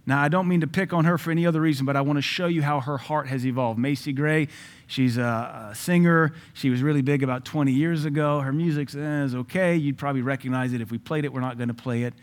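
A man preaching a sermon in an emphatic, conversational way, with asides to his listeners and sudden loud rises. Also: medium pitch, fairly even intonation, fast talker. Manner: jokes and asides to the audience.

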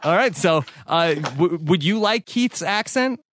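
Lively, upbeat male podcast host. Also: high voice, measured pace, slight background noise. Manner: laughs often, reads tweets aloud in a flat tone. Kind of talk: casual chat reading tweets.

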